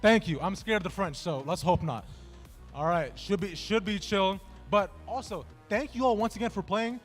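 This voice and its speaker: A man's voice: sits high, normal speed, faint music behind. A man hosting a trivia game at a gaming event, bantering casually and jokingly with contestants in a large indoor venue. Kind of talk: live event emceeing.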